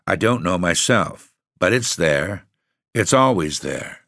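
A man voicing an old woman caretaker with second sight, speaking quietly and solemnly. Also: sits low, animated, takes it slowly, gravelly, no room sound, studio quality, exaggerated voice. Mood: grave. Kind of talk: audiobook reading.

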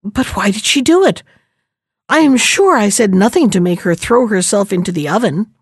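A woman's voice: medium pitch, lively intonation, moderate pace, slightly rough, dry recording, studio quality. A woman voicing a patient young prince. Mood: pleading.

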